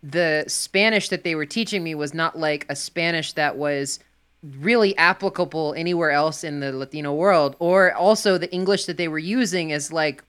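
A man in casual chat, rambling and cursing, often trailing off quietly. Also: a little high, normal speed, smooth.

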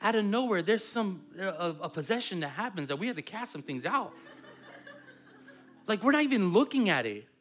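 Lively, animated pastor preaching. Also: mid-range voice, moderate pace. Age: adult parent. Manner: conversational, playful preaching. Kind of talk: sermon.

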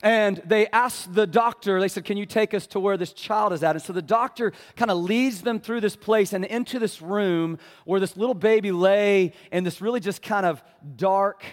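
A man preaching a sermon as a pastor, telling a story with a casual, passionate delivery that drops to a hush for tender moments. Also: high voice, normal speed, hardly any pauses, long reverb tail. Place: church sanctuary.

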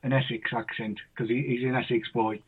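A man with a Sunderland accent chats as a guest, friendly and jokey. His voice is slightly husky and comes through a tinny, phone-like line. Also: mid-range voice, level tone, a little fast. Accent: Sunderland English. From North East England. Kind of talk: casual chat.

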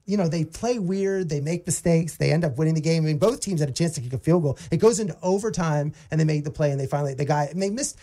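Gravelly, excitable sports radio man. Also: on the high side, fast talker, hardly any pauses. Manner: excited, rambling, restarts often. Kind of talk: casual sports talk.

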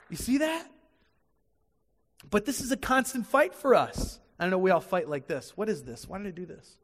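A man's voice: very high voice, in a large hall. A man preaching a sermon to a congregation in a church, stressing his points by repeating them. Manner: emphatic preaching with repeated phrases. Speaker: pastor. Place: church sanctuary before a congregation.

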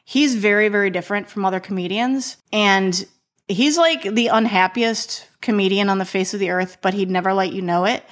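A woman's voice: mid-range voice, moderate pace. A woman from Chicago co-hosting a TV podcast, chatting casually in an enthusiastic, profane way and often restarting her sentences. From Chicago, USA. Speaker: podcast co-host. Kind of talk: casual chat.

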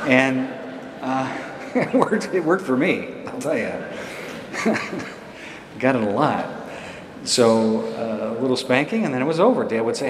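A man's voice: medium pitch, animated, normal speed, pauses often, a bit bright, a little hiss or hum. A man giving a homily in a conversational, storytelling way, chuckling now and then. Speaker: priest. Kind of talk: sermon. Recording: echoey church hall.

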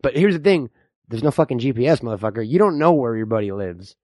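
A man hosting a radio comedy bit, crude and joking, talking fast with restarts. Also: mid-range voice, animated, darkish tone, dry recording. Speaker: radio host. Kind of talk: improv comedy chat.

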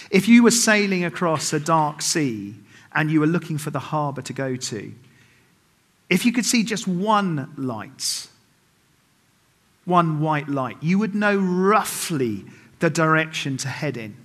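Delivering a church sermon, a middle-aged man tells stories with humor, performs the quotes, and jokes at his own expense to the congregation. His voice is on the high side, with a fairly bright tone.

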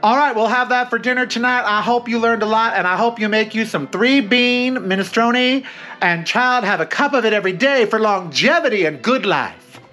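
A man's voice: sits high, moderate pace, pushed and bright. A man hosting a cooking vlog, chatting casually in a campy, sassy way with theatrical asides while he works in his home kitchen.

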